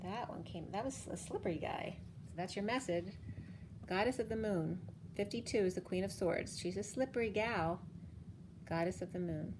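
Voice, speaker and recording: A woman giving a casual spiritual card reading, chatty and quick to laugh, with emotional asides. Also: mid-range voice, background noise.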